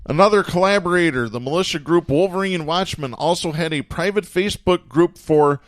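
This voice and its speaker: A higher-pitched man hosts a political talk show and reads news stories aloud with a dry, sardonic edge. He chuckles now and then as he reads. The sound is close and dry, with no room in it. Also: a little fast, no echo. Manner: sardonic, chuckles while reading. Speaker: podcast host.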